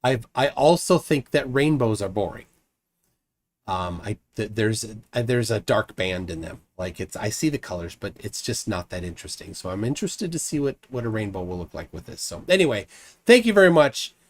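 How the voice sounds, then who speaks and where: A man hosting a casual live stream, reading viewer comments aloud and chatting between them. His pitch swings widely and lively. He rambles, restarts sentences and fills pauses with ums. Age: adult, married. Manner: rambling with frequent restarts and fillers.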